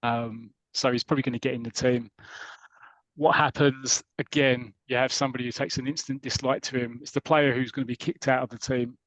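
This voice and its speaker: A man's voice: mid-range voice, level tone, a little fast, fairly bright tone, no room sound, rough recording. A man co-hosting a podcast, casually retelling a comic story with rambling asides and quoted lines. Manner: rambling, retells plot with quoted voices and laughs. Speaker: podcast co-host.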